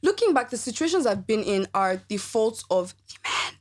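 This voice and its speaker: A young woman guesting on a podcast, her voice sitting a little high. She talks in an animated, casual way, laughing often and tripping over her restarts. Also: moderate pace. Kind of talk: casual chat.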